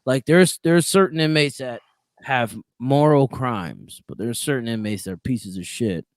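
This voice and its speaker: Casual, profane man, mid pitch, dry close mic; prison-sergeant storyteller, loud bursts then mutters. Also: measured pace, no room sound. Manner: profane storytelling with swings in loudness. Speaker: prison sergeant and podcast guest. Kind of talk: casual podcast chat.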